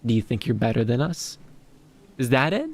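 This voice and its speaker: A man's voice: mid-range voice, big pitch swings, normal speed, gravelly, darkish tone. A man voicing a cruel, taunting teenage schoolboy bully in a read-aloud fantasy story. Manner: taunting, sneering.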